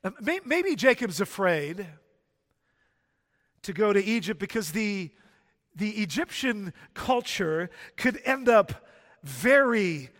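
A man's voice: high-pitched, sing-song, takes it slowly, pauses often, a bit bright. A man preaching a sermon, building emphatic points through repetition. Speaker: pastor. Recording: long hall reverb.

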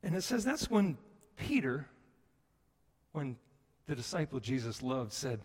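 A man preaching a sermon, moving between hushed passages and loud, emphatic ones. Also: mid-range voice, sing-song, measured pace, husky. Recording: long reverb of a large hall.

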